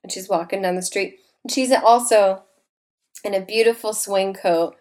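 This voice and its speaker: A young woman in casual chat, retelling a film scene by scene with lively acted-out lines and casual swearing. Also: medium pitch, moderate pace. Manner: animated, acts out characters, swears freely.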